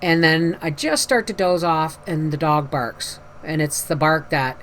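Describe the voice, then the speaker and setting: A woman's voice: sits low, moderate pace, a little hiss or hum. A woman talking casually to camera as a homestead vlogger, a chatty storyteller who acts out the voices in her anecdotes and sounds tired after a night with a migraine.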